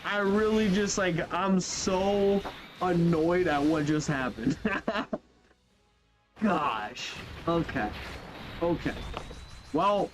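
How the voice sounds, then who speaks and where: A young man with a high voice talks casually over his gameplay, animated and chatty, often trailing off mid-thought. Faint game music plays behind him. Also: drawn-out words, long pauses. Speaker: gaming YouTuber. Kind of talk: casual let's-play commentary.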